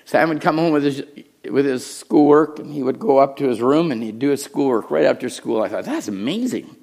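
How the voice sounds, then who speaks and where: A middle-aged man preaching a sermon as pastor, telling a story with hushed asides and raised, urgent lines. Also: mid-range voice, a little fast, creaky. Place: church.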